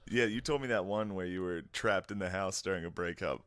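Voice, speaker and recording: A man's voice: deep voice, a little fast, fairly bright tone, clean tone. A man chatting casually with a friend, laid-back, chiming in with short reactions and stories. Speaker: comedy writer. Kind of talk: casual chat.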